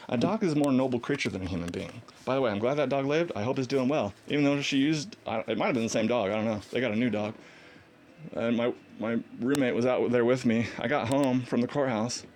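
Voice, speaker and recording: Animated, defiant man telling a story. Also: slight background noise. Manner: animated storyteller, acts out quoted dialogue in a higher voice, laughs often; defiant, combative. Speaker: vlogger. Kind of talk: casual storytelling monologue.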